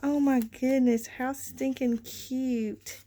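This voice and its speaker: Gushing, slow-talking woman crafter. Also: high-pitched. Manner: gushing, excitable, frequent gasps and exclamations; addresses viewers as y'all. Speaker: craft channel host. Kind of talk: casual show-and-tell vlog.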